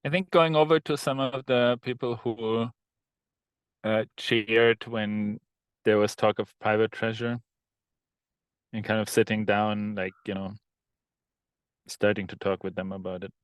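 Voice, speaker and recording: A man's voice: on the low side, level tone, measured pace, long pauses, clear, resonant tone, no room sound. A man playing a tabletop game, describing his character's plan in a thoughtful way. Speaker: player.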